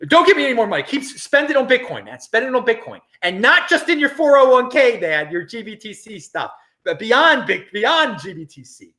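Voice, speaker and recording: A middle-aged American man hosting a casual livestream, reading viewer comments in an animated, chatty way with frequent laughs and restarts. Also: very high voice, a little fast. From United States. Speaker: crypto livestream host.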